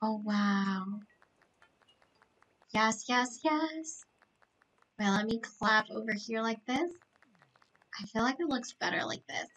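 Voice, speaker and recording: An excitable woman streamer chats to her viewers live, gushing with gasps and exclamations. Her voice sits high and sounds bright and sharp, and she talks at an unhurried pace. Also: recorded from a distance, slight background noise, rough recording. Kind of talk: live game-stream chat.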